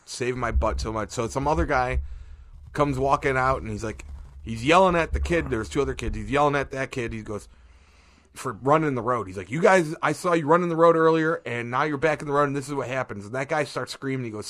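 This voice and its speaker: A man co-hosting a podcast, telling a story in a rambling, animated way and acting out the quotes between laughs. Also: medium pitch, a little fast. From Ohio, USA. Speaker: podcast co-host. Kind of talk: casual storytelling chat.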